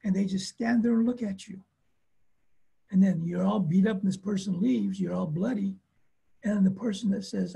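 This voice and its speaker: In a webinar on family conflict, a male therapist leans on plainspoken storytelling, short anecdotes, emphatic repetition and acted-out quotes. The voice sits high, dark and husky with vocal fry, at normal speed.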